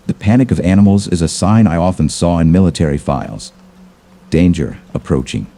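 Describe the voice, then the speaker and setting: A man narrating a scripted horror story in a measured, ominous manner. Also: deep voice, animated, gravelly, dark tone.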